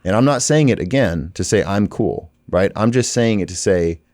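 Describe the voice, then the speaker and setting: A man guest on a podcast, telling business stories in a casual, energetic, informal way with lots of fillers. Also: lowish voice, dry recording. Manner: energetic, informal, fast-flowing with many "like" fillers. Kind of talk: casual conversational storytelling.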